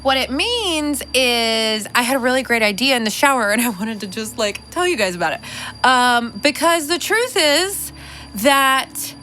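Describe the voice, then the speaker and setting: A woman in her thirties hosts her own podcast from home, rambling in a loose, chatty way full of fillers and swearing. Her voice is bright and sits a little high for a woman. A faint hum sits underneath the recording. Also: lively intonation, a little slow, rough recording. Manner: chatty, profane, filler-heavy. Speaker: podcast host. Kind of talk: casual monologue.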